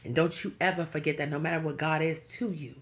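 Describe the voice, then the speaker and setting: In a poor-quality recording, a woman with a low, steady voice talks fast to her YouTube audience. She speaks straight to camera with emotional, earnest encouragement that turns preachy.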